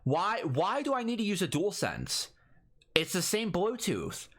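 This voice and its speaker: A young man co-hosting a podcast, ranting angrily and cursing a lot in casual chat. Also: high voice. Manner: angry profane rant, fast and animated. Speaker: podcast co-host.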